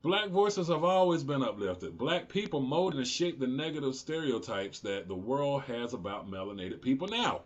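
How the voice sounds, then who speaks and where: A man's voice: medium pitch, sing-song, normal speed, hardly any pauses, highs cut off. A man in his forties hosting his own political commentary show, talking unscripted, heated and profane, often rising into indignant outbursts. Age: 40s.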